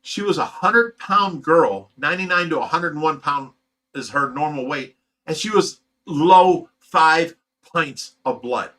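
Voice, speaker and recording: A man speaks straight to his viewers, retelling a hard personal story in loose, emotional, run-on sentences. His voice sits a little high and comes across bright and pushed. The delivery is raw and unpolished. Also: measured pace. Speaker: host of a fish rescue channel.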